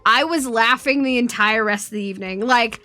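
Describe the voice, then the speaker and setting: A woman streamer chatting casually, telling a story in an animated, swearing way and laughing often. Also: a little high, a little fast, no echo, faint music behind. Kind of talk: casual chat.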